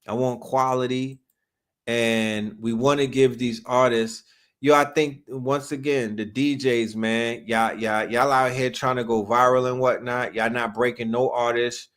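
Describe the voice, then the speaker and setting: A man from New York hosts a casual livestream and chats about hip hop. He talks in loose street slang and reacts to what the chat says. His voice sits at a middle pitch for a man. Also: little pitch movement, unhurried, fairly bright tone. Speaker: livestream host.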